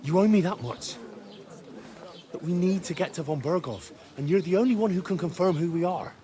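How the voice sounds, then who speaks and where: A man's voice: sits high, expressive, brisk, a loud crowd. An actor voicing a desperate young nobleman who pleads urgently for help. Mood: pleading. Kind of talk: video game voice acting.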